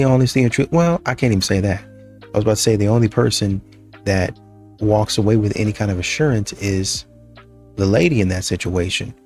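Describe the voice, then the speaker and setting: A man's voice: fairly low pitch, darkish tone. Laid-back man. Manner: conversational, restarts and laughs. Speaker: reaction channel host. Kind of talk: casual commentary.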